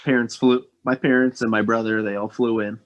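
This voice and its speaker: A man's voice: medium pitch, level tone, brisk. A young man co-hosting a podcast, talking casually and hesitantly with many fillers. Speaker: podcast co-host. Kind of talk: casual chat. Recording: dull lo-fi sound.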